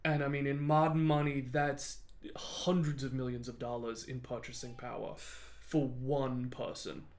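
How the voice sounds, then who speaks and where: A man's voice: medium pitch, flat delivery, unhurried. A man co-hosting a podcast, telling a history story in a casual, jokey way and laughing often.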